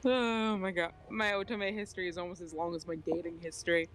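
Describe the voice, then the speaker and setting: A woman's voice: lowish voice, little pitch movement, fairly quick. A woman reading a visual novel aloud as guest, giggly and slipping into put-on accents as she narrates. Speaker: guest reader.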